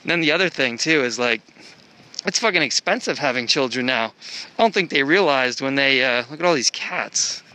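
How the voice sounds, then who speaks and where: A man's voice: mid-range voice, animated, normal speed, sharp tone. A man thinking aloud in a casual vlog as he walks through an outdoor park, filmed on a handheld camera. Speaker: traveler filming a walk.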